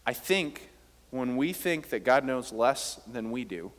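A man's voice: medium pitch, animated, slow. A man preaching a sermon as pastor, with rising emphasis on key words, in a church hall.

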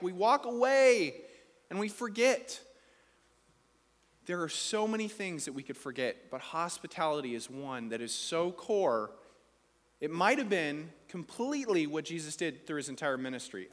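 A man's voice: a little high, a bit bright. Earnest preacher man in a reverberant hall. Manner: earnest preaching, quotes scripture. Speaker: pastor. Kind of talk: sermon.

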